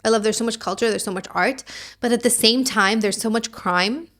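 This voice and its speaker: A woman's voice: a little high, a little fast, fairly bright tone. A woman hosting a casual podcast, sassy and opinionated, rambling with lots of "like"s. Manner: puts on a mock French accent. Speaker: podcast host.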